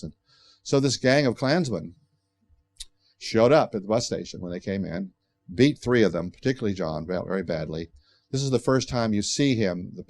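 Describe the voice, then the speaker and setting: A man's voice: deep voice, a little mellow. An older man giving a bookstore book talk, telling a story in a conversational, digressive way with frequent restarts. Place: bookstore event space.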